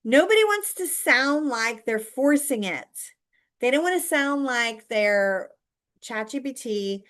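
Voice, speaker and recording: Unhurried chatty woman coaching viewers. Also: high-pitched, expressive, a bit bright. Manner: chatty, emphatic, talks to viewers directly. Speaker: online business coach. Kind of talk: direct-to-camera teaching.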